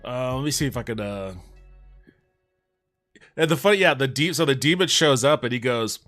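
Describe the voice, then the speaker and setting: A man co-hosting a relaxed podcast, trading wry remarks and chuckling as he reads aloud. His voice sits at an ordinary middle pitch. Faint music runs underneath. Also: moderate pace. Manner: wry, laughs while reading aloud. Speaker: podcast co-host. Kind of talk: casual chat.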